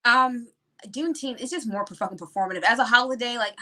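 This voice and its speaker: A woman guest on a live stream, talking in a scornful, quick, profane way. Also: fairly high pitch, pushed and bright. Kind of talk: casual political chat.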